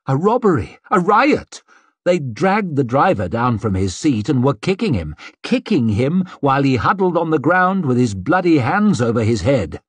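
A man's voice: medium pitch, sing-song, normal speed, hardly any pauses, husky, dry recording. A man narrating an audiobook expressively, slipping into a character's sneering inner voice.

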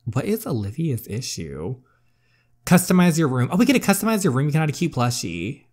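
A man playing through a story game on his channel, giving sassy, expressive commentary. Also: fairly high pitch, very fast. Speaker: gaming YouTuber.

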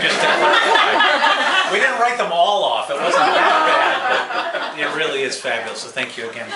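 A man hosting a party at home, giving a warm, chuckling informal speech and reading aloud. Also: a little high. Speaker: party host. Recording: echoey room, far mic, loud party noise.

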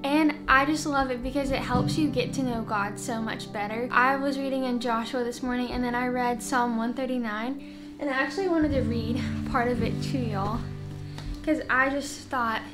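Chatty woman vlogger over soft music. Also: on the high side, fairly even intonation, normal speed. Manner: earnest, chatty, heavy use of "like". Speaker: faith vlogger. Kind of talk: casual chat to camera. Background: soft worship music.

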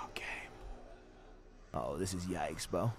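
A young man doing loud, profane let's-play commentary on a horror game, screaming at jump scares. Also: low-pitched, slow pace, gravelly, noisy background. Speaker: gaming streamer.

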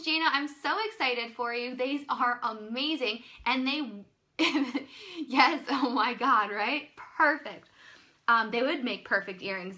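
A woman hosting a live online sales demo, gushing over every item with frequent excited exclamations. Her voice is bright and fairly high, swinging widely in pitch as she talks. She speaks at a slow, drawn-out pace. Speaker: live-stream pearl seller.

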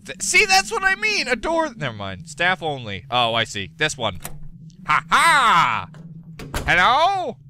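A man giving gameplay commentary as a let's play gamer, excitable, profane and given to rants. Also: sits high, moderate pace, few pauses, slight background noise.

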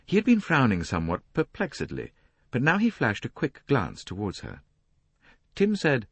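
A man narrating an audiobook in a measured, expressive reading on a close studio mic. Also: mid-range voice, husky, dry recording. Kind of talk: scripted narration.

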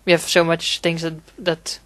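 A man narrating his own gameplay in a loose, rambling way, swearing freely and padding his sentences with fillers. His voice is smooth and clean, but his pitch stays fairly level, with little rise and fall. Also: monotone, normal speed, a bit bright, no echo. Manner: rambling, profane, frequent fillers. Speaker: gaming commentator. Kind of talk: casual gameplay commentary.

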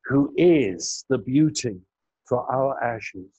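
An older man preaching a sermon slowly and emphatically, his pitch swinging high for emphasis. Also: lively intonation, warm tone, breathy edge. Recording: muffled audio with buzz.

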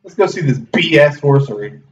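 A man's voice: on the high side, expressive, normal speed. A young man casually joking through a gameplay session, reading dialogue aloud. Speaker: let's play host. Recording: roomy, distant, dull, faint music.

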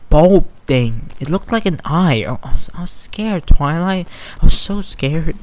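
A man's voice: on the high side, expressive, a little slow, darkish tone. Brief: timid storybook pegasus mare, stammering whispers, read by a man. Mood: frightened. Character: timid young female pegasus pony, soft-spoken.

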